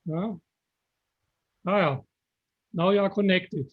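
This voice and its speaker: A man with a German accent, patiently explaining software step by step on a video call. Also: high-pitched, slow. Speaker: software presenter. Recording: dull lo-fi call audio.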